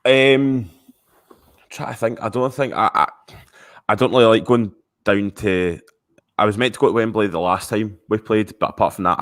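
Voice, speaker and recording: Deep-voiced Glaswegian man, dry sound. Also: no echo. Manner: blunt, hesitant, plenty of ums. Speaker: podcast guest. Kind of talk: casual podcast chat.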